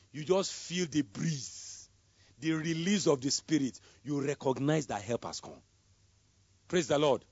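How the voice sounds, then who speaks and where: A man preaching a sermon, swinging between loud emphatic calls and soft murmured prayer. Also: a little high, vocal fry, breathy edge, no room sound. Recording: dull lo-fi sound.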